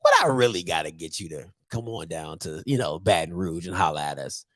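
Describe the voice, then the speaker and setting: A man putting on a deep, coaxing recruiter. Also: a little fast, no room sound, clean studio sound, natural voice. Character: smooth-talking male college recruiter, deep and coaxing.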